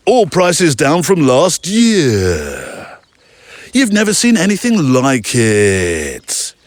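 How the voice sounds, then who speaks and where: A man mimicking a male advert voiceover, dropping the pitch at the ends and hanging on the last syllables, slow and set back from the mic. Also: huge pitch swings, no echo, full character voice. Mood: mock-salesy. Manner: down inflection, hangs on last syllables. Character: male advert voiceover, overblown drawn-out delivery.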